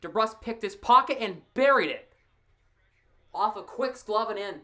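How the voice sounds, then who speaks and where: A woman calling a hockey game live in a loose, fan-style play-by-play. She is excitable and quick to laugh, throwing chatty asides to a co-host between plays. Her voice sits at an ordinary middle pitch for a woman.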